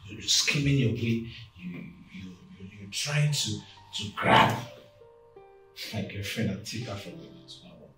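A man's voice: on the low side, expressive, unhurried, very echoey, distant mic, soft background music, poor audio. A man playing a spoiled, blustering rich young man. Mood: scornful. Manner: blustering, insulting, shouting. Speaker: boyfriend.

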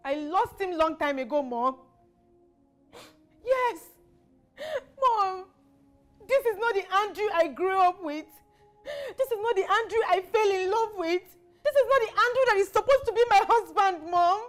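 A woman's voice: extremely high pitch, expressive, a little slow, pauses often, faint music behind. A woman playing a heartbroken young wife who is crying and pleading with her mother. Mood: tearful pleading. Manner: tearful, pleading.

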